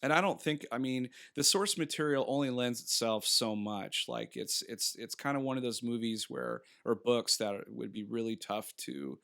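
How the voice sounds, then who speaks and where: A man's voice: medium pitch, moderate pace, gravelly, hardly any pauses, fairly bright tone. A man in his thirties co-hosting a podcast, chatting casually through a movie review in a rambling way, laughing often and acting out bits of dialogue. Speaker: podcast co-host. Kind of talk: casual film review chat.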